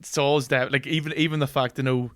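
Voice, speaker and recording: A man's voice: mid-range voice, fairly even intonation, a bit bright, no echo. Man, podcast co-host, casual film chat, stop-start delivery, chuckles often, dry recording. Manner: halting, restarts often, laughs a lot.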